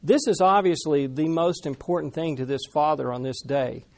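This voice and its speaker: A man preaching a sermon in a conversational, animated way, talking with the congregation. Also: on the high side, normal speed. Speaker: pastor.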